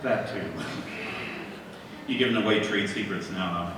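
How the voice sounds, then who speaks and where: A man introducing songs with relaxed, joking stage banter at a live gig. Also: lowish voice, normal speed, background noise. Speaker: folk group member. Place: live gig in a gallery venue. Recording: echoey hall from far off.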